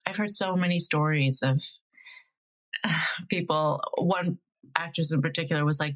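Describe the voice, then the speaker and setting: A woman with a slightly low voice passes on someone else's story in casual podcast chat. She talks easily and without hurry. Her voice rises only when she quotes the people involved. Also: moderate pace, fairly bright tone, rough recording. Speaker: actress guest.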